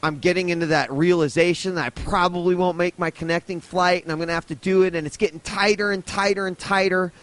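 A man's voice: sits high, fairly even intonation, fast talker, few pauses, a bit bright, no echo. A man, telling a rambling, profane travel story on a casual podcast. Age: 30s.

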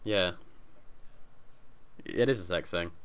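A man's voice: low voice, slow, fairly bright tone, clear, resonant tone. A man co-hosting a podcast in casual chat, joking and laughing often. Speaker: podcast co-host.

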